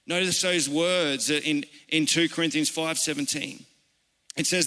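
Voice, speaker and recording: An Australian man preaching in a church, speaking earnestly and conversationally, as if chatting with the congregation. His voice is bright and a touch higher than most men's, and it rings out with the long echo of a large hall. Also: fairly even intonation, unhurried. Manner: earnest, conversational, personal storytelling. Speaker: pastor. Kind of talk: informal sermon. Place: church service.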